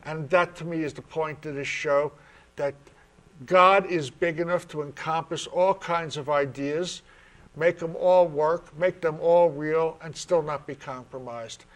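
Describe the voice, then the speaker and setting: A man's voice: a little high, fairly even intonation, unhurried, fairly bright tone. A man with a New York accent who hosts a spiritual talk show, chatting with his panel in a friendly, earnest way. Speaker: host.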